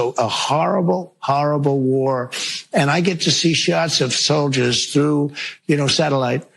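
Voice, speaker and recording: A man's voice: a little high, creaky, fairly bright tone, slight background noise. A man answering reporters' questions in a news clip, talking in emphatic, repetitive superlatives. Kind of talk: played news clip, press remarks.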